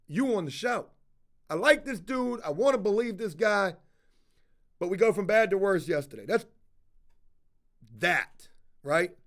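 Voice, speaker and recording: High-voiced, cussing male vlogger. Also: fairly bright tone. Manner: profane, exasperated, blunt. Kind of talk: casual storytelling rant to camera.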